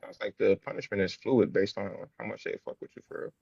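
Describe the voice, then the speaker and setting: A low, gravelly male voice on a dry, dull lo-fi recording. He chats bluntly on a casual podcast, teasing and swearing freely. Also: fast talker, no room sound. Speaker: podcast co-host. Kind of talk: casual debate.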